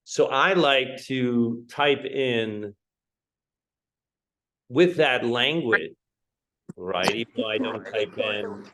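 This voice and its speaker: A man's voice: medium pitch, very slow, long pauses, sharp tone, poor audio. A man teaching English in a live-streamed online lesson, talking conversationally, checking in with "right?" and greeting viewers by name as they join. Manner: conversational, keeps asking "right?".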